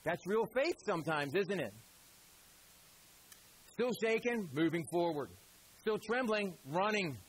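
A man preaching a sermon as pastor, animated and conversational, with a Southern American accent, sometimes dropping to quiet emphatic lines. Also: high-pitched, measured pace, pauses often, slightly rough, rough recording.

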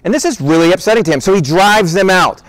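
A man preaching a conversational sermon, emphatic and animated, often repeating words as he drives a point home. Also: high voice, fast, dry recording. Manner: conversational, addresses listeners as "guys". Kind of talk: sermon, Bible teaching.

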